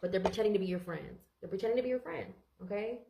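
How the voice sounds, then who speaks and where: Congested woman tarot reader; rapid, rambling, filler-heavy delivery in a roomy space. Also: medium pitch, vocal fry, background noise. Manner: rambling, repeats phrases, frequent "okay?" and "like". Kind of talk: casual tarot reading.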